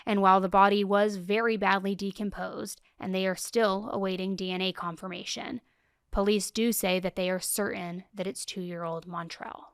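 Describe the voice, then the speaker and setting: A woman's voice: medium pitch, fairly even intonation, normal speed, clear, resonant tone, no room sound, clean studio sound. A young woman hosting a true crime podcast, recounting cases in a casual, emphatic way with indignant asides.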